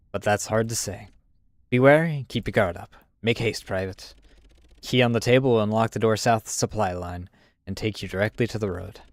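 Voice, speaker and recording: A man reading an army officer's briefing to a young private in a put-on accent, low and dry. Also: dry recording, lightly acted.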